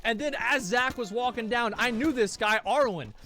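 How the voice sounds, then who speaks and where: A man telling a casual story in an animated, profane way, acting out his friends' quoted lines. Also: very high voice, normal speed.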